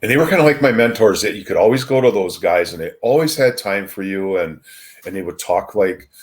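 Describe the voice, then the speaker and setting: An older man with a deep, low-pitched voice tells stories from his past in a casual, meandering way. He often stops and restarts his sentences and pads them with ums as he recalls details. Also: animated, fairly quick. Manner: rambling with frequent ums and restarts. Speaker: retired wrestler, podcast guest. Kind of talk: casual anecdotal storytelling.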